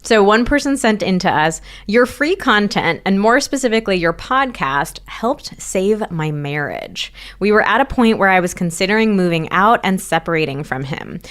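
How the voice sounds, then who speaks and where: A woman's voice: medium pitch, expressive, moderate pace, few pauses, fairly bright tone. A woman co-hosting a podcast, chatting casually and reading listener messages aloud in an upbeat way. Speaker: podcast co-host.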